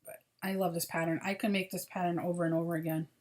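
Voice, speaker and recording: A woman chats casually through her crochet projects for her viewers, tired and often apologizing. Her voice sits a bit on the low side. A faint background noise runs under the recording. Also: little pitch movement, quick pace, a little mellow. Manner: chatty, apologetic, tired and yawning. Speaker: crochet podcast host.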